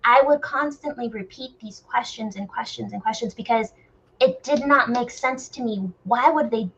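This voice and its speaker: Blunt, animated woman talking openly. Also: fairly high pitch, vocal fry, highs cut off, slight background noise. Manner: blunt, animated, rapid self-questioning. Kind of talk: candid group discussion.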